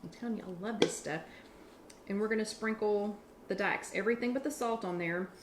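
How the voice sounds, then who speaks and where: A woman's voice: medium pitch, a little fast, noisy background. A woman hosting a casual live cooking chat from her home kitchen, talking in a chatty, rambling way and restarting her sentences. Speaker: online workshop host.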